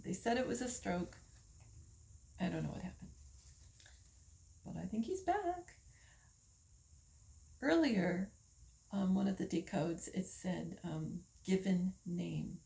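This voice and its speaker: An older woman from the United States, talking slowly in a casual monologue, musing with pauses and fillers. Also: on the low side, animated, creaky, dark tone, rough recording. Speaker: vlogger.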